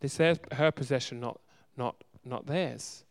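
A man's voice: mid-range voice, unhurried. A man preaching a sermon with emphasis, firing off rhetorical questions and repeating words for stress. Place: church in a city.

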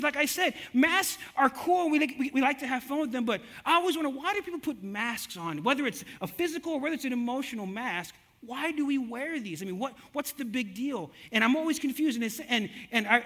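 A man's voice: very high-pitched, bright, forceful tone. A middle-aged man preaching a sermon in a chatty, repetitive way, often restarting and acting out quotes. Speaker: pastor.

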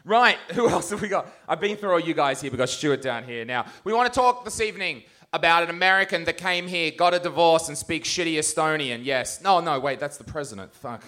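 A man's voice: fairly high pitch, brisk, hardly any pauses, pushed and bright. A man doing live stand-up on a comedy stage, roasting people in the audience with crude, mocking banter.

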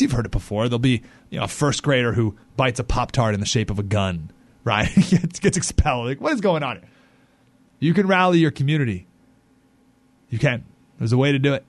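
A man's voice: medium pitch, dry recording. A male talk radio host riffs on a local story with real indignation, and his voice leaps and drops all over. He is recorded dry and close, with no room sound at all. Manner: animated, indignant, acts out quotes.

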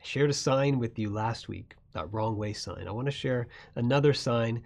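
A man's voice: moderate pace, vocal fry. Man preaching with rising emphasis. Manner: swings from soft, low asides to loud, rising emphasis. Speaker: pastor. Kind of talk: sermon.

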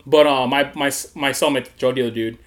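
A man tells a long story in casual conversation and laughs through it. He acts out the voices of the people in it. His pitch sits in a middle range. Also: fairly even intonation, fairly quick. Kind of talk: casual chat.

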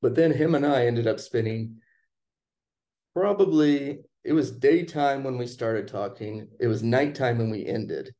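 Relaxed man with a dark voice, telling a story. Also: mid-range voice, measured pace. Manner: relaxed, chatty, acts out quoted lines. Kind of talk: casual storytelling conversation.

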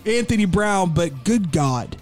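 Man, sports talk co-host, very high voice, animated rant, studio. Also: a little slow, soft background music. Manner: animated ranting with shouted mock quotes. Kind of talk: sports talk show banter.

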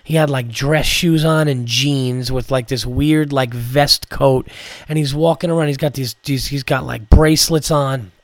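A man's voice: mid-range voice, steady tone, measured pace, no room sound. A man, a comedian hosting a podcast, telling a rambling story full of swearing and "like" fillers. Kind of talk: casual storytelling.

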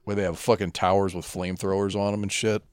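Podcast co-host, man, very low voice, deadpan and profane, dry close mic. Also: fast, clear, resonant tone, no room sound. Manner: laid-back, profane, deadpan asides. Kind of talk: casual chat.

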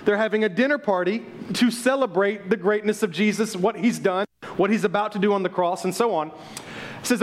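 A middle-aged man preaching a sermon as pastor, passionate and building toward near shouting. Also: high voice, moderate pace, slight background noise. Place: church sanctuary.

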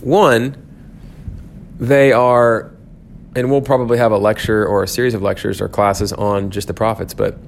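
A man's voice: fairly low pitch, flat delivery, moderate pace, gravelly, a little hiss or hum. A man teaching a church class, thinking aloud with frequent restarts and fillers.

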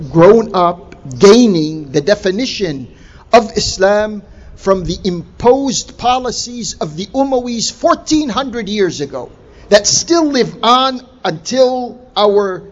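A man preaching a sermon in a slow, deliberate way, stressing key words with emphatic rises. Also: high-pitched. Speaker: Islamic preacher. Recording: dull lo-fi recording with faint noise.

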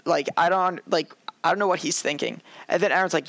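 A young man co-hosting a casual chat, ranting in an animated way and acting out characters' lines. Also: fairly high pitch, fairly quick, no echo. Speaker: podcast co-host. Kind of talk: casual anime review chat.

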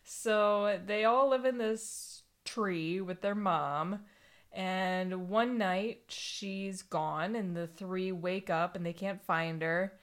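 A woman's voice: medium pitch, slow. A woman co-hosting a podcast, chatting casually and summarizing a picture book with mock annoyance. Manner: animated, mock-annoyed, puts on a whiny voice for book characters. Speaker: podcast co-host. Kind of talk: casual chat, reading a picture book aloud.

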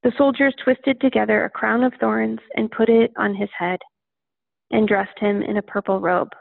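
Woman, scripture reading, steady, fairly high, gravelly, tinny phone-like line. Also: normal speed, no echo. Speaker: scripture reader. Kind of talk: Bible reading.

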